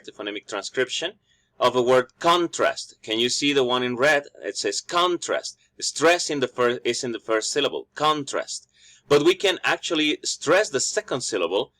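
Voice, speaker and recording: A man's voice: mid-range voice, sharp tone. Man teaching a pronunciation lesson. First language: Spanish. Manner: thinks aloud with restarts, models stressed words slowly. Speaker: English teacher. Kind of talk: explanatory lesson.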